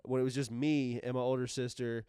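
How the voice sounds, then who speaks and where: A man's voice: mid-range voice, little pitch movement, warm tone, smooth, dry recording, clean studio sound. A man co-hosting a podcast, telling a personal story in rambling casual chat with many restarts. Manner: rambling, halting, restarts often. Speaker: podcast co-host.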